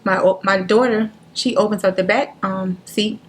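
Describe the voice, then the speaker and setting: A woman, a guest on a talk show, telling a painful personal story in an earnest, halting way, near tears, acting out what others said. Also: mid-range voice, fairly even intonation. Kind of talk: emotional personal story in interview.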